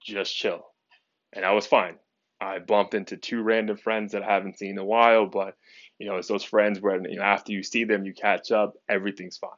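A young man with a lowish voice tells a personal story as a podcast host, candid and peppered with swearing and "you know"s. The sound is dry and close, but a little dull and lo-fi. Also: flat delivery, brisk, fairly bright tone, no echo. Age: young adult. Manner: candid, heavy swearing, lots of fillers.

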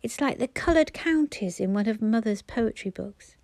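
A woman's voice: on the high side, expressive, normal speed, gravelly, darkish tone, dry recording. A woman voicing a dreamy, romantic eldest girl with a wistful, enthusing manner.

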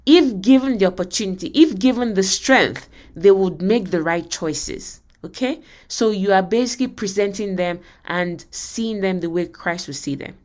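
A woman's voice: medium pitch, normal speed, few pauses, darkish tone. A woman hosting a podcast, giving an earnest spoken lesson and often checking in with her listeners. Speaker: podcast host and teacher. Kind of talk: spoken teaching talk.

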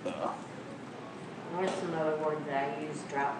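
A woman who owns the dog, making brief, soft remarks during a training session at home. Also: sits low, fairly even intonation, slow pace. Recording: roomy, noisy room.

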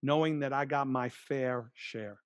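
Man, 50s, podcast guest: salty, lively storyteller, mid pitch, dry sound. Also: a little slow, no room sound. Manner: profane, animated storyteller.

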